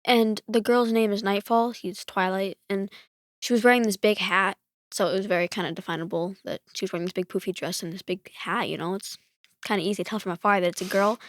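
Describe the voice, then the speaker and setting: A woman's voice: mid-range voice, no echo. Chatty woman rambling, dry close sound. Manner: rambling, filler-heavy retelling. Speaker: podcast guest. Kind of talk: casual chat.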